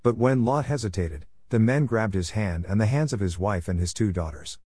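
A man giving a steady, measured scripture reading. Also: lowish voice, slightly rough, no echo, clean studio sound. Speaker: scripture reader.

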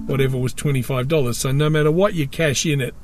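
A man's voice: mid-range voice, fairly even intonation, fast talker, loud music behind the voice. An Australian man delivering a rambling comic monologue with wry, sardonic asides.

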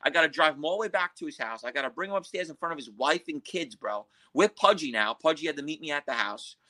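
Blunt, bright-voiced New man. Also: a little high, lively intonation, fast, low-quality recording. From Queens, New York. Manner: blunt street talk, profane. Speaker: podcast guest. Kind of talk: storytelling interview.

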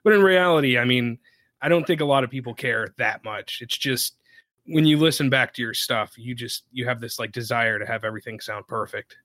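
Bright-voiced man chatting, dry sound. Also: mid-range voice, fairly quick, no echo. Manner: relaxed, chatty, many fillers. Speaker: podcaster guest. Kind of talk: casual podcast chat.

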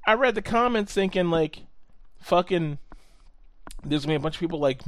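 A man with a fairly high voice rants casually on a podcast, swearing freely and laying on the sarcasm. The sound is dry and close, with no room around it. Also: expressive, moderate pace, a bit bright, dry recording. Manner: profane, ranting, sarcastic. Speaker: podcast co-host. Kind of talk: casual chat.

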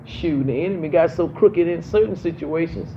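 A woman's voice: deep voice, moderate pace, dark tone. A young woman pastor preaching a sermon in a church, calling out to her congregation and repeating her lines for emphasis. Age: young adult. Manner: emphatic call-and-response, repeating phrases to the congregation. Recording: muffled lo-fi with faint background noise.

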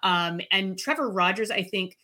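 A woman's voice: mid-range voice, moderate pace, sharp tone. A woman guest on a casual podcast, talking hesitantly with many ums and likes. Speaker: guest analyst.

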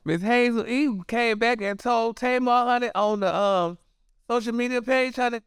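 Sassy high-voiced gossip host, man. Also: moderate pace, clean tone, no echo, clean studio sound. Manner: sassy, dramatic, keeps saying honey and girl. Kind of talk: casual gossip commentary.

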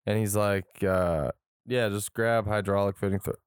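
A young man co-hosting a casual podcast, telling a story in an animated, profane way. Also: on the low side, normal speed, smooth, no room sound, studio quality. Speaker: podcast co-host. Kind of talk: casual chat.

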